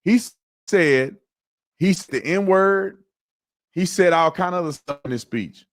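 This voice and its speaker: A man's voice: high voice, lively intonation, a little slow. Emphatic male reaction host. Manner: emphatic, repeats words when starting a point. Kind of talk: live reaction commentary.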